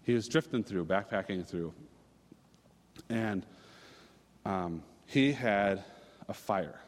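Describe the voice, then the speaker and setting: Man, 30s, casual storytelling preacher, lowish voice, hall reverb. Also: lively intonation, slow. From Minnesota. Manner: casual, storytelling, many fillers and restarts. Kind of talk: sermon.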